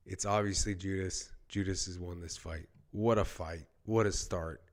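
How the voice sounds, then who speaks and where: A man streaming casual live play-by-play of a fight, excitable and chatty, repeating short exclamations and talking to his viewers by name. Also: deep voice, moderate pace, hardly any pauses.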